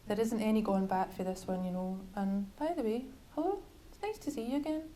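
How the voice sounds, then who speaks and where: A woman's voice: medium pitch, brisk, warm tone, a little hiss or hum, natural voice. A woman voicing a wry, forgiving young woman who speaks in a down-to-earth Glasgow accent. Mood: earnest. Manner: down-to-earth, plain-spoken.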